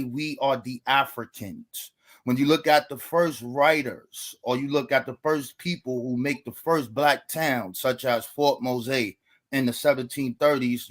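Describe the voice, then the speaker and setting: A man giving a debate opening statement, lecturing and asking rhetorical questions. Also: mid-range voice.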